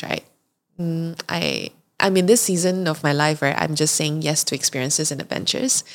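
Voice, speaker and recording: A young woman, hosting a podcast and telling a candid, confessional story in chatty fashion. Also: low voice. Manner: chatty and confessional, often acts out her own reactions. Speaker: podcast host.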